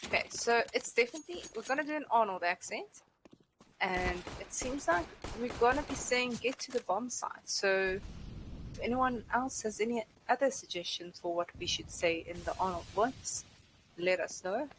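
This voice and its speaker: A woman's voice: fairly high pitch, expressive, normal speed. A South African woman casting an esports match live, chatty and reading viewer messages aloud. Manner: chatty, code-switches, reads chat aloud. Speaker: esports caster. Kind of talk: live game commentary. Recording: faint background noise and clicks.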